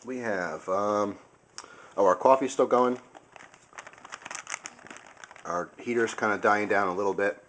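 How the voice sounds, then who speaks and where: A man's voice: fairly low pitch, unhurried, pauses often, fairly bright tone, a little hiss or hum. A young man casually reviewing food on camera, chatty and enthusiastic, sometimes talking with his mouth full. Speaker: video host.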